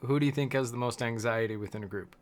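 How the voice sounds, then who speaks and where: A man's voice: mid-range voice, fast talker. A man hosting a casual live-stream panel chat, asking long, detailed questions.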